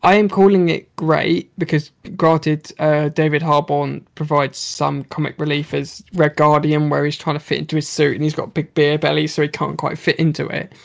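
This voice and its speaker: A man's voice: fairly high pitch, little pitch movement, normal speed, vocal fry, hardly any pauses. A man, chatting casually about a film, swearing freely and acting out characters' lines. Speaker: podcast co-host reviewing a film. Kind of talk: casual chat.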